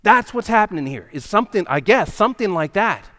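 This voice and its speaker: A male pastor with a fairly high voice tells a story to his congregation in a church. He talks in a loose, conversational way and keeps checking in with the room. His delivery is animated and full of small asides. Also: brisk. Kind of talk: storytelling sermon. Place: church sanctuary.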